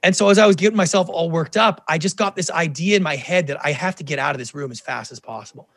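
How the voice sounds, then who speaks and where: A middle-aged man, a television producer guest in an interview, telling stories in a lively way and acting out the quoted dialogue. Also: on the high side, quick pace, no room sound. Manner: animated, acts out quoted dialogue. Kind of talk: casual interview storytelling.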